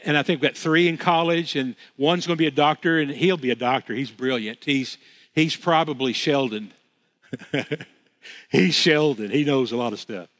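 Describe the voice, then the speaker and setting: The long reverb of a church hall carries this man's fairly bright, higher-leaning voice. Preaching in the sanctuary, he sounds sincere, stressing points through repetition and frequently starting lines over.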